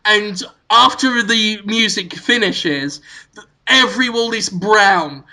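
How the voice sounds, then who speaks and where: A man co-hosting a comedy podcast, spinning an absurd story with giggles and sudden shouted bits. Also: high-pitched, poor audio. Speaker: podcast co-host.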